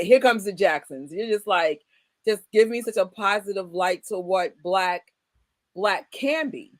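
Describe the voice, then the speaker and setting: A woman in her forties from the United States hosting a casual chat, emphatic and animated, often breaking into laughter. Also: mid-range voice, no room sound. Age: 40s. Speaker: host.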